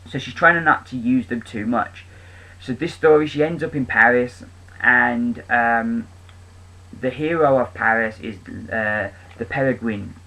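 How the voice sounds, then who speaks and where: A man's voice: mid-range voice, a little slow, bright, forceful tone, low-quality recording. Rambling, enthusiastic male comic reviewer. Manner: rambling, with many ums and restarts. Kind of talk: casual spoken review.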